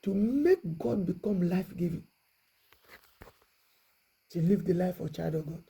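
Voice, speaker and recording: A preacher giving a prayerful, repetitive exhortation, often dropping to a hushed voice. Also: mid-range voice, expressive, measured pace, vocal fry, slightly rough, rough recording.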